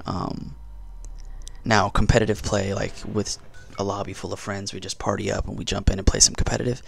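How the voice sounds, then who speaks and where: A man's voice: fairly low pitch, level tone, fairly quick, gravelly, slight background noise. A man doing casual gameplay commentary in a just-woken morning voice, chatty and rambling with self-mocking jokes. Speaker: gaming commentator.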